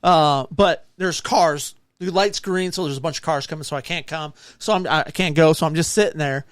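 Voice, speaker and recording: This podcast co-host chats casually and spins stories, bringing the quoted characters to life with lively impressions. He speaks at a moderate pace in a slightly high voice, recorded at studio quality with no room sound.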